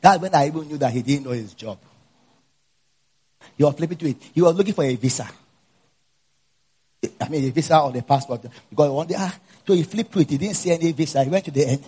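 A man with a Nigerian accent, a pastor mixing a personal story into his sermon, dropping low for asides and rising loud to preach. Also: fast, long pauses, husky.

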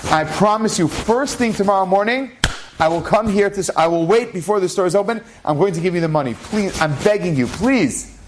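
Storyteller doing a frantic husband, pleading, voice pushed higher than his own. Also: animated, a little fast, slight background noise. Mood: begging. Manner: begging, urgent. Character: desperate pleading husband, middle-aged man.

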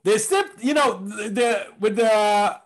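London guy with kinda american accent, jokey, rambles, slightly high voice. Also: slow. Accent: American-tinged London. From London, England. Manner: joking, rambling. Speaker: comedian guest. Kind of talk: casual interview chat.

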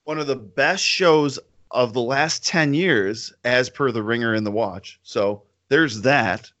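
A man co-hosting a casual chat, animated, teasing and enthusiastic. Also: mid-range voice, a little slow, highs cut off. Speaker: podcast co-host.

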